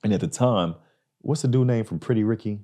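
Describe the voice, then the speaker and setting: A man hosting a podcast, telling a story in a casual, animated way and acting out the people in it. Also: on the low side, brisk. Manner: animated, acts out people in his stories. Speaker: podcast host.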